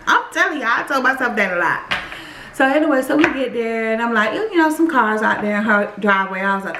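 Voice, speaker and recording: Animated woman vlogger in an echoey room. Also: a little high, fairly quick, slight background noise. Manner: animated, addresses viewers directly. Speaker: vlogger telling her own story. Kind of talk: casual storytelling to viewers.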